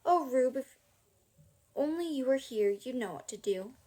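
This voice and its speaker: A woman's voice: high-pitched, animated, measured pace, warm tone. A woman reading aloud, voicing a young male agent, alone and nervous, calling out wistfully. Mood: anxious.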